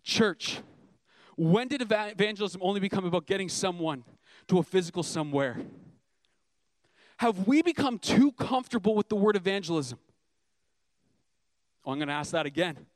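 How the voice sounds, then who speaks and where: A man's voice: high voice, expressive, normal speed, long pauses, no room sound. A young man preaching a sermon as a youth pastor, earnest and emphatic, asking the congregation rhetorical questions.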